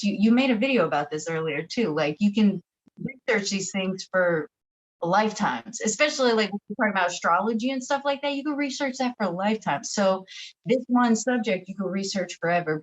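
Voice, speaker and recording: A woman who teaches shadow work, speaking as a podcast guest over a video call. She talks in a reflective, earnest way and uses a lot of "like". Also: medium pitch. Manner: reflective, earnest, many filler "like"s. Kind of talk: casual interview chat. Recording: dull lo-fi video call audio.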